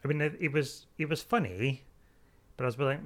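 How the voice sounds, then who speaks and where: A man's voice: on the high side, normal speed. A man co-hosting a casual film chat, joking and offhand. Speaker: podcast co-host.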